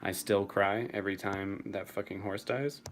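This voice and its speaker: A man's voice: fairly low pitch, steady tone, normal speed, a little hiss or hum. A young man answering chat casually on a live stream, swearing freely and laughing often.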